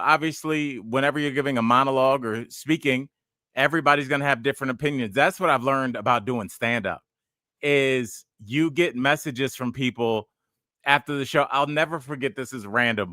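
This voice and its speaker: His medium-pitched voice has a sharp tone, recorded at studio quality with no echo. He's a podcast host and stand-up comedian in his forties, chatting casually and wandering through rambling, digressive tales.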